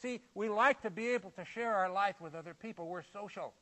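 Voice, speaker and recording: In brisk sermon mode, a male preacher rings out high and bright, then drops from booming emphasis into quiet, low-voiced asides. It's a low-quality recording.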